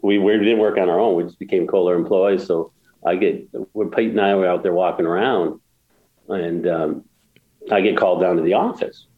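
A man's voice: low-pitched, fairly even intonation, moderate pace, echoey room, narrow, tinny audio. A man guest telling a story in a casual interview, rambling with many restarts and getting emotional. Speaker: guest, golf course builder.

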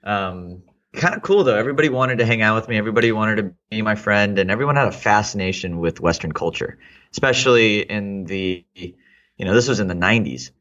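A man's voice: lowish voice, a little fast, fairly bright tone, muffled recording. A man in his thirties from Texas, a guest in a casual interview, reflecting aloud with many fillers and restarts. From Texas, United States.

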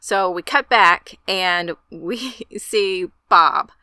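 A woman's voice: on the low side, extremely slow, sharp tone, clean tone, no room sound. A woman co-hosting a casual chat, talking in a chatty, enthusiastic way. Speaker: podcast co-host.

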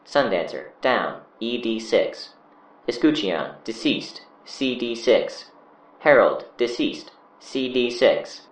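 A man voicing a computerized armband that gives clipped, monotone status readouts. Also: mid-range voice, takes it slowly, roomy sound. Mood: flat.

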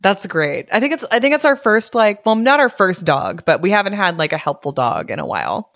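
Young female podcast co-host, animated pitch, jokey and enthusiastic, dry sound. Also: brisk, dry recording. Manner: enthusiastic, joking reactions. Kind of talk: casual chat.

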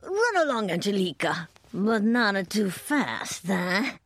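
A woman's voice: mid-range voice, big pitch swings, slow, no room sound, full character voice. A woman voicing a smug young cartoon boy who drawls in a mock-suave way. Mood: smarmy. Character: smug young boy showing off, slow and smarmy.

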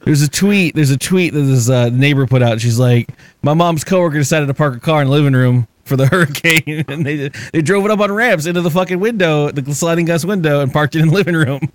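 A man's voice: on the high side, quick pace, dry recording. A man hosting a podcast, telling stories in casual chat, swearing and laughing often. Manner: profane, laughing storyteller. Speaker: podcast host.

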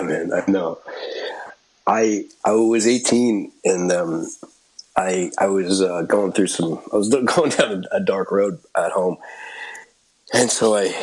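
Husky low-voiced man telling stories. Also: a little mellow, low-quality recording. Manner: rambling anecdotes with frequent laughs and restarts. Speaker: actor and guest. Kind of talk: casual storytelling interview.

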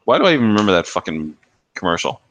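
A man's voice: deep voice, big pitch swings, very fast, a bit bright. A man co-hosting a casual podcast, telling stories and acting out quoted commercials in raised voices. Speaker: podcast co-host. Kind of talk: casual chat.

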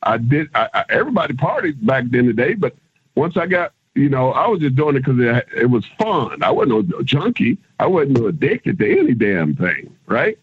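A husky middle-aged man spins lively road stories, slipping into other people's voices and swearing casually. The sound is dry and close. It comes through a tinny, phone-like line. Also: medium pitch, normal speed, dry recording. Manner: animated storyteller, acts out others' lines, casual swearing. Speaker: guest, former pro wrestler. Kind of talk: casual storytelling interview.

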